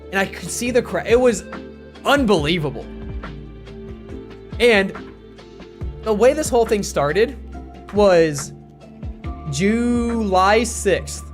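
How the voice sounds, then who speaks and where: American streamer telling a story, rambling. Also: medium pitch. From United States. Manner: animated, rambling, with restarts and "like" fillers. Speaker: streamer and teacher. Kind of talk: casual storytelling on a live stream.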